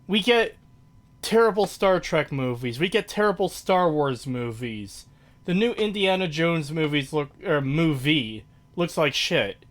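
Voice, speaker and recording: Young male host, slightly high pitch, loose profane ranting chat. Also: expressive, unhurried. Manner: swears freely, ranting and exasperated. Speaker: podcast host. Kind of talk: casual chat.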